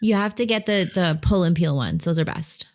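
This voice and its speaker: A woman co-hosting a podcast chats casually about films, teasing in a playful, bossy way and full of enthusiasm. Her voice sits on the low side with a darkish tone, and she talks at a moderate pace.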